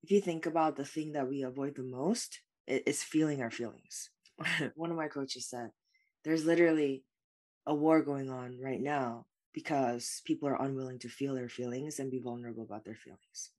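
A woman's voice: extremely low pitch, steady tone, moderate pace, darkish tone. A woman speaking as a life coach guest in an interview, answering in an earnest, reflective way with many "like" fillers.

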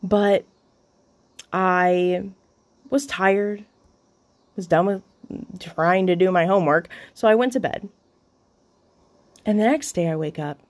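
Slow-talking candid woman podcaster. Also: mid-range voice. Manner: candid and confessional, occasional swearing; halting, with frequent restarts. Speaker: podcast host. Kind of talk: personal storytelling.

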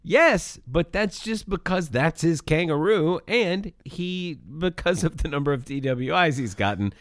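Animated, playful man on a podcast. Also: on the high side, unhurried, no room sound, studio quality. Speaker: podcast co-host. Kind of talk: casual comedic chat.

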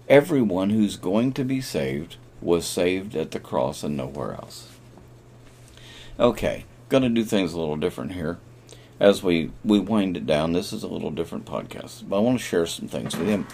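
A man hosting a devotional podcast, reading Bible verses slowly and repeating key phrases. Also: sits low, creaky, a little mellow. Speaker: podcast host.

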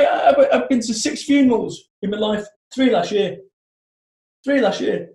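A man's voice: very high voice, reverberant. A man in his forties, a motivational speaker, telling stories bluntly and with plenty of swearing. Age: 40s. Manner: blunt, sweary, animated storytelling. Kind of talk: podcast conversation.

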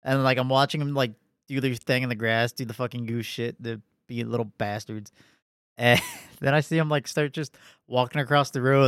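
A man's voice: mid-range voice, dry recording, studio quality. A young man co-hosting a podcast, telling rambling, profanity-filled stories in casual chat. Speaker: podcast co-host.

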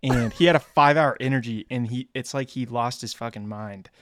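A man's voice: mid-range voice, a little fast, no echo, clean studio sound. A young man, co-host of a podcast, telling a rowdy story in casual chat, swearing and laughing as he goes.

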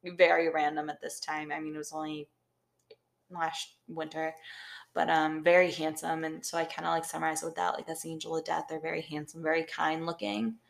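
In casual podcast chat, a young woman co-host rambles through a long story and keeps saying "like." She speaks briskly in a level tone, with a deep, creaky voice.

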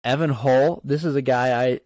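A man's voice: medium pitch, steady tone, moderate pace, a little mellow, no echo. Rambling man in casual sports chat. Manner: rambling, filler-heavy. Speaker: podcast co-host.

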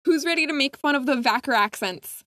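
Young woman gushing about a fandom, laughs a lot, highish voice. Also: no room sound, clean studio sound. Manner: excitable, laughs often, quick asides. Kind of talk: casual fan chat.

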